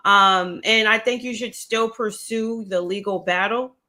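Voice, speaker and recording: Woman host, bright, forward tone, steady and supportive. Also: mid-range voice. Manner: direct, encouraging, measured. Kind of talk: livestream interview.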